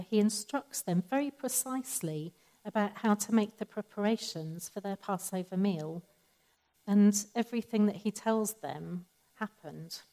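A woman giving a sermon in a calm, measured, conversational teaching manner. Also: mid-range voice, poor audio. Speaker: preacher.

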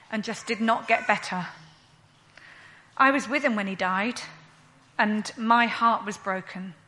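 A woman playing a grieving widowed mother, telling her story in a slow, earnest first-person monologue. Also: on the high side, bright, forceful tone.

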